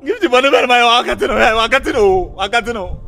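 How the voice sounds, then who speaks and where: A man's voice: very high-pitched, fast, creaky, bright, forceful tone, soft background music, exaggerated voice. A man with a Ghanaian accent playing a heartbroken young man who wails and pleads dramatically for his lost lover. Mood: wailing. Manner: wailing, pleading, crying out dramatically. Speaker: actor in a comedy film. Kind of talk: Ghanaian film acting.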